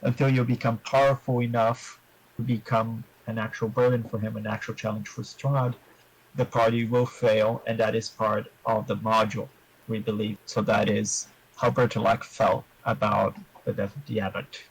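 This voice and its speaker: A man answering interview questions about his tabletop game in a measured, explanatory way, giving advice to other players. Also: fairly low pitch, little pitch movement, vocal fry, slightly rough, poor audio.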